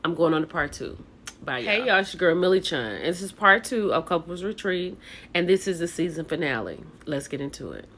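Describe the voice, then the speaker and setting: A woman's voice: on the low side, very animated, brisk, a bit bright. A woman hosting a casual reality TV recap, chatty and opinionated, talking straight to her viewers.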